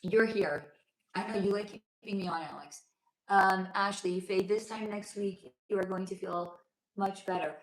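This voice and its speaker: Hoarse-voiced woman hosting a livestream. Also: medium pitch, fairly even intonation, moderate pace, roomy sound, low-quality recording. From lives in Los Angeles. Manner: chatty, affectionate, reads chat aloud. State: losing her voice, sore throat. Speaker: livestream host, spiritual reader. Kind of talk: casual livestream chat with viewers. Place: home room.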